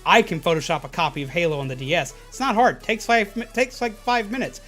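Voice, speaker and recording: High-voiced man telling rambling stories. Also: brisk, soft background music. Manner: animated, rambling, frequent restarts. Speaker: streamer. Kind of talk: casual storytelling chat.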